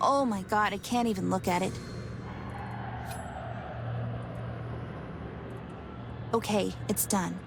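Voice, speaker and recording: A woman voicing a young girl in a story game, frightened and pleading, her lines rising into shouting. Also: mid-range voice, a little fast, creaky, over music, lightly acted. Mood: uneasy. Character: young girl haunted by guilt. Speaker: lead character.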